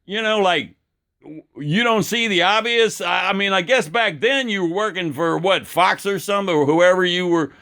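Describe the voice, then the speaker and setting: A man's voice: sits high, normal speed, pushed and bright. A man delivering an angry, profane political rant with many stumbling restarts. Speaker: political commentator.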